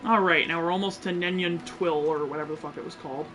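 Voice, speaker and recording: A man's voice: on the high side, fairly even intonation, fast, pushed and bright, slight background noise. A man streaming a game, giving joking, profane, blunt commentary. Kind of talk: casual gameplay commentary.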